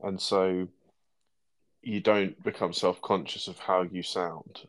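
A man's voice: low voice, little pitch movement, slow. A man with an Estuary English accent, co-hosting a podcast in casual chat, dry and self-mocking, with frequent ums and restarts. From England, Thames estuary area. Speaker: podcast co-host.

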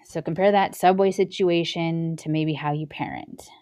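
A woman's voice: sits low, steady tone, moderate pace, mellow. A young woman hosting a parenting show, talking casually and acting out little scenes in different voices. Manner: chatty, acts out little scenes with changing voices. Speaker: parenting podcast host. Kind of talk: casual solo talk.

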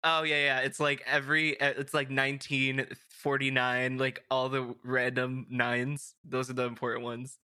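A young man hosting a casual podcast, his voice bright and forward. He rambles along with plenty of fillers and restarts, and the recording is close and dry. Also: mid-range voice, completely flat delivery, moderate pace, few pauses, no room sound. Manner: chatty, rambling, filler-heavy. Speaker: podcast host. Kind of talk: casual chat.

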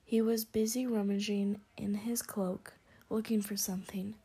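Breathy woman reading, whispered role-play. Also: medium pitch, flat delivery. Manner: slow, hushed storybook reading. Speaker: storyteller.

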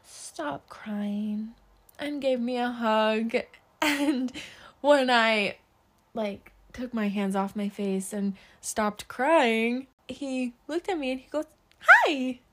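A woman's voice: on the high side, slow pace. A young woman hosting a casual solo podcast, chatting upbeat about her day with a lot of fillers. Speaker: podcast host.

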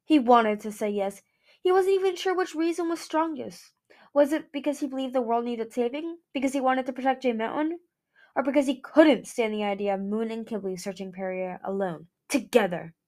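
A woman reading a novel aloud in a plain, steady way with small slips. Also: a little high, normal speed. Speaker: fan audiobook reader.

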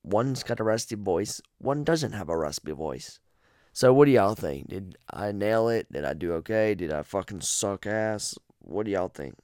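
A man's voice: lowish voice, animated, moderate pace, a little mellow, no room sound, studio quality. A man hosting his own podcast, chatting about a horror game in a rambling, profane, jokey way. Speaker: podcast host.

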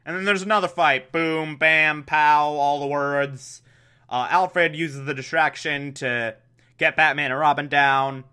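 A man's voice: on the high side, steady tone, a little slow, pushed and bright, clean tone. A man recapping an episode in a casual, sarcastic and rambling way. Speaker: show recapper.

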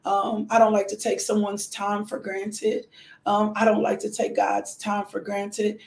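Hoarse, gravelly woman host, casual devotional prayer, echoey room. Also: mid-range voice, completely flat delivery, measured pace. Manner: warm, repetitive thanksgiving, greets viewers by name. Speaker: host of a morning devotional livestream.

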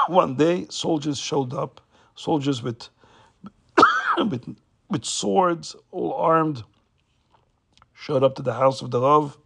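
Raspy, gravelly male storyteller. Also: a little high. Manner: informal retelling with fillers.

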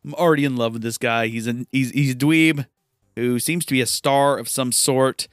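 A man's voice: mid-range voice, steady tone, moderate pace, no echo, studio quality. A man casually talking through a video game, chatty and enthusiastic as he retells what the characters say. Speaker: gameplay commentator. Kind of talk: casual let's-play commentary.

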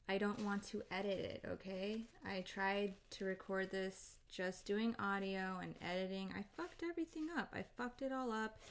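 A woman's voice: medium pitch, slight background noise. Profane ranting woman, solo vlog. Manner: animated, profane, exasperated ranting. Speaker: solo podcaster. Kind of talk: casual comedic rant. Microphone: home microphone.

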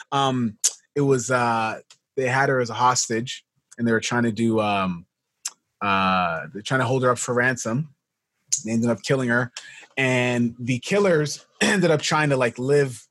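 A man talking casually with a friend, his voice sitting at an ordinary middle pitch. He tells stories in a loose, rambling way, stopping often to hunt for words. The sound is dry and close, with no room around it. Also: fairly bright tone, no echo. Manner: rambling, hesitant storytelling with many fillers. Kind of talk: casual chat.

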